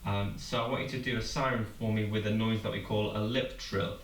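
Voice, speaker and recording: A man with a fairly low voice leads a singing warm-up, explaining calmly and step by step. He sounds a little way from the mic in a roomy, echoing space. A faint hiss and an instrument sit in the background. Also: fairly quick, far from the mic. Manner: clear, encouraging step-by-step coaching with demonstrated sounds. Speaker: singing teacher.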